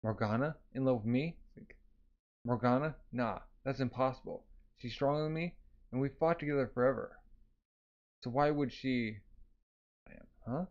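A man's voice: medium pitch, normal speed, long pauses, a little mellow, muffled recording. A man casually reading a manga aloud, narrating with lots of fillers and sound effects. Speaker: manga reader. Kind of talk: casual manga read-along with voices.

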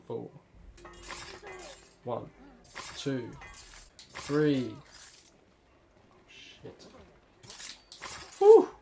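A man's voice: medium pitch, slight background noise. A man giving sarcastic, jokey commentary over a video game, laughing often. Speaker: gameplay commentator. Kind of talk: joking let's-play commentary.

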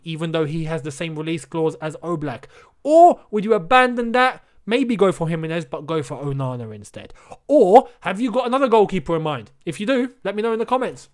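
Animated young man, high voice. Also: clean tone. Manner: animated, emphatic repetition, addresses viewers directly. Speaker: football channel host. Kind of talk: casual solo commentary.

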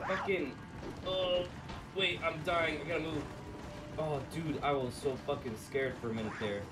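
A man giving casual let's play commentary on a horror game, excitable, swearing and yelling in panic. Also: on the high side, normal speed. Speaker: gaming video creator. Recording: distant mic under loud game noise.

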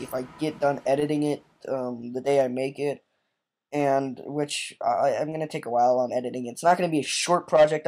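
A man's voice: mid-range voice, a little mellow. A man giving playful, rambling let's play commentary, joking around while playing a game. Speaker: gamer.

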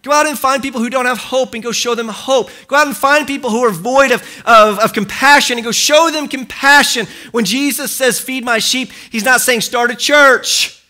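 A man's voice: extremely high pitch, normal speed, hardly any pauses, sharp tone. A man preaching a sermon in a church, passionate and repetitive, acting out quoted dialogue. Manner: impassioned, acts out quoted dialogue, repeats phrases for emphasis. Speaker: pastor. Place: church hall.

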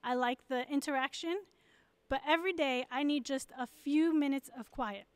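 A woman's voice: high-pitched, moderate pace, no room sound. A pastor's wife giving a church message to mothers, candid and encouraging.

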